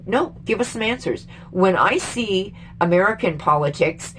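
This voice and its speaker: A middle-aged Canadian woman in a heated, swearing vlog rant, emphatic and exasperated, rambling with sudden jumps in pitch. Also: lively intonation, moderate pace, a bit bright, slight background noise. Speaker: vlogger. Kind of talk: casual angry political rant.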